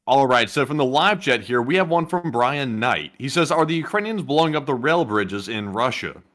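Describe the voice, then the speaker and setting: A man's voice: mid-range voice, expressive, moderate pace, a bit bright. A man co-hosting a live stream, reading donations and chat questions aloud while he is feeling unwell. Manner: upbeat, reads donor messages aloud.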